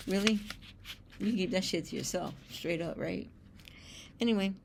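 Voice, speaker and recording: Hosting a spiritual show, a woman reads oracle cards aloud in a lowish, gravelly, slightly mellow voice at a moderate pace, with long pauses. She breaks off into blunt, streetwise asides and swears freely. There's slight background noise.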